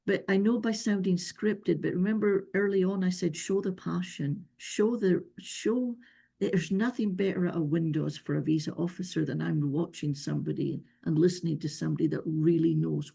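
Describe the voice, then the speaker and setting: A woman with a noticeable non-local accent speaks in a low, gravelly, husky voice with a warm tone. As a visa expert in a webinar Q&A over a video call, she answers questions with earnest, emphatic advice.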